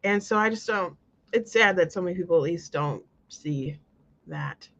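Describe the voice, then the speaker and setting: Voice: mid-range voice, animated, moderate pace, fairly bright tone, muffled recording. A show host talking casually in an earnest, rambling way, with many restarts. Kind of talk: casual commentary monologue.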